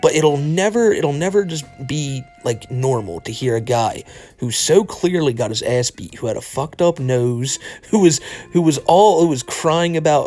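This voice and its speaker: A man's voice: fairly high pitch, lively intonation, moderate pace, warm tone. Mocking, laughing commentary man. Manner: mocking, laughs often, swears freely. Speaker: commentary YouTuber. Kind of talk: casual commentary.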